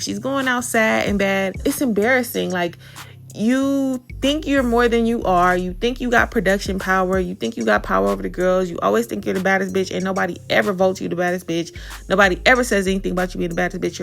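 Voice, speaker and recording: Sassy gossiping woman with gravelly voice. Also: mid-range voice, fairly bright tone. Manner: sassy gossipy storytelling, AAVE slang. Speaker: reality TV commentary host. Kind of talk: casual recap commentary.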